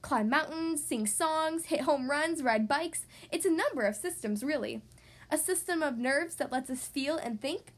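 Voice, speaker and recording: Brisk lady bear doctor in a storybook, read by a woman. High, animated pitch. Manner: brisk and explanatory.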